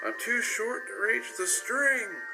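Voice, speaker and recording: A man voicing a small, plucky filly pony girl in a storybook reading, with a very high, drawn-out voice. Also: sing-song, gravelly, music in the background, full character voice, low-quality recording. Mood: whiny.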